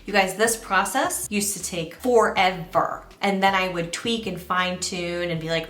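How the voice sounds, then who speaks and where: A woman in her thirties talking casually to camera as a beauty vlogger, chatty and animated, dropping into hushed asides. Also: fairly low pitch, moderate pace, few pauses, echoey room. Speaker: beauty YouTuber. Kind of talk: casual vlog talk to camera.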